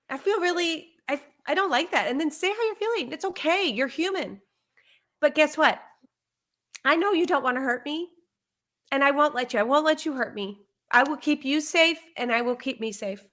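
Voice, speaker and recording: A woman speaking as a parenting educator in conversational advice on a live stream, animated and acting out what a parent or child might say. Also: high-pitched, moderate pace.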